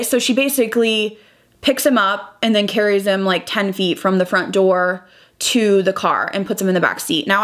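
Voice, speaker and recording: A woman's voice: medium pitch, fairly bright tone. Young woman vlogger, rambling emotional story, lots of "like" and quoting people while she does her makeup. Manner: emotional storytelling full of "like" and quoted dialogue. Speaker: beauty vlogger. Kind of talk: personal life update while doing makeup.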